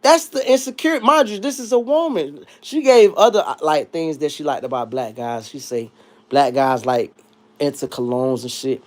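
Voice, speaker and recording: A man's voice: on the high side, expressive, normal speed. A man hosting a livestream, talking in a casual, profane and joking rant. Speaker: livestream host.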